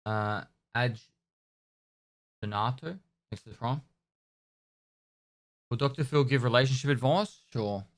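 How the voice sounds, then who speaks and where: A man's voice: medium pitch, measured pace, pauses often, dry recording, clean studio sound. A man, chatting casually on a gaming live stream, rambling as he answers chat messages. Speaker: game streamer.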